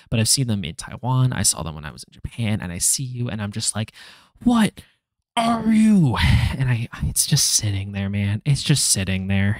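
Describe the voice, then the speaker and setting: A man's voice: lowish voice, dry recording, clean studio sound. A man streaming his language study, chatting casually, joking and rambling, laughing often and trailing off with fillers. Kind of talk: casual live-stream chat.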